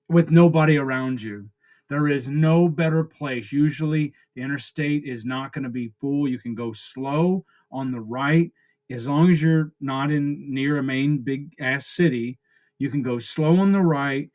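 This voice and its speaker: A man, talking in an emotional personal vlog. He is close to tears, and his raw, halting confession keeps breaking off. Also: mid-range voice. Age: 40s. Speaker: vlogger. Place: his friend's house.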